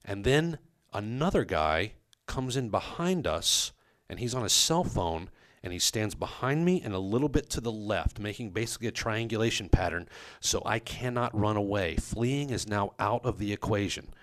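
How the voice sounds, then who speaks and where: A man telling a comic personal story on a podcast, animated and self-mocking, with his voice leaping up on quoted lines. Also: fairly low pitch, moderate pace. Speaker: comedic storyteller.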